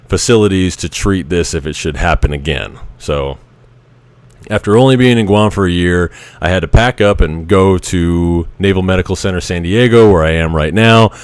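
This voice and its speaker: A man hosting a podcast, telling a personal story in a frank, animated way with the odd curse. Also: low voice, smooth, no room sound. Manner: frank, animated, occasionally profane. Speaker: podcast host. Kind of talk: casual storytelling monologue.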